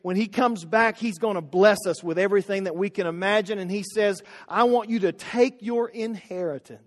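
A man preaching an impassioned sermon as a pastor, dropping to a hush and rising to shouts. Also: high-pitched, normal speed, few pauses, in a large hall.

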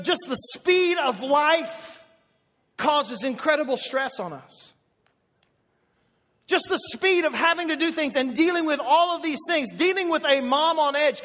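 A male pastor preaching a sermon, telling an animated story with many asides and restarts. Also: very high voice. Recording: echoey hall with long reverb.

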